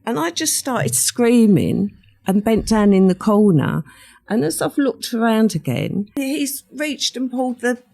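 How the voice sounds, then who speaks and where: Speaking unhurriedly, an older woman guesting on a podcast tells a personal story, performing other people's words with vivid flair. Her voice is fairly high, creaky, and darkish, with big swings in pitch.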